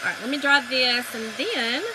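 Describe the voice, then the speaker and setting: On a crafting livestream, a Southern-accented woman talks with viewers in a high-pitched voice at a moderate pace. There's background noise as she tells chatty stories and calls everyone y'all.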